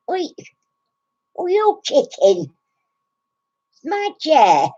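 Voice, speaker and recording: Breathless giggly lady in her 60s, kinda high voice, chatty on a lo-fi stream. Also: wildly swooping pitch, very slow, mellow. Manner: giggly, chatty, greets viewers by name. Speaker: craft channel host. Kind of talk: casual live stream chat with viewers.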